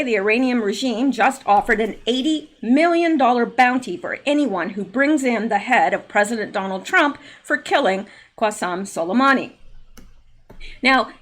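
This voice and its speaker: A woman hosting a solo political commentary show, reading news aloud with sarcastic asides, fillers and occasional throat clearing. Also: on the high side, fairly bright tone. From Canada.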